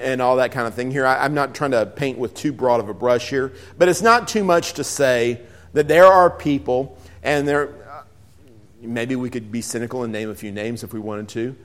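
A man preaching a Bible lesson in an earnest way, sometimes repeating words as he searches for them. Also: mid-range voice.

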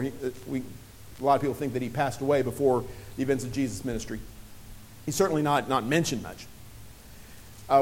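A man preaching a sermon in a conversational way, often restarting phrases and acting out quotes. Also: fairly high pitch.

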